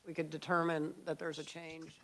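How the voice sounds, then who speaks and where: A woman chairing a legislative committee hearing, asking the witness questions in a brisk, conversational way. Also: deep voice, level tone.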